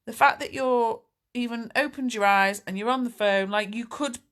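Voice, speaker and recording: A woman's voice: on the high side, normal speed, a bit bright. A woman, a life coach answering viewer questions in a candid, chatty, reassuring live Q&A. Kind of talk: live Q&A chat.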